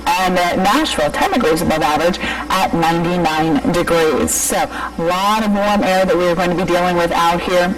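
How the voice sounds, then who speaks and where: A woman's voice: fairly low pitch, recorded from a distance, poor audio. A woman meteorologist delivering a live TV weather forecast while struggling with hiccups. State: has the hiccups.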